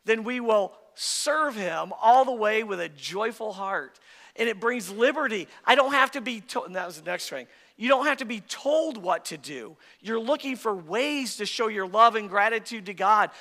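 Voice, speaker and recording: High bright pastor guy preaching hard, long church echo. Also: expressive, moderate pace. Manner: impassioned preaching, voice rising and dropping. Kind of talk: sermon. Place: church sanctuary.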